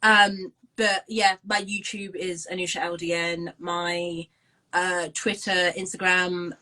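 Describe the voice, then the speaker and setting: Speaking slowly and in a level tone, a twenty-something co-host and musician from London chats casually on a video call. Her voice sits fairly low and comes across pushed and bright, with a London accent, and she rambles with lots of ums and restarts. The recording is rough.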